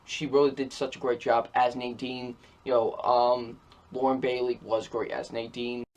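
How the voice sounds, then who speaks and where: A man's voice: medium pitch, flat delivery, moderate pace. A man giving a casual, enthusiastic video game review, repeating his praise with lots of fillers.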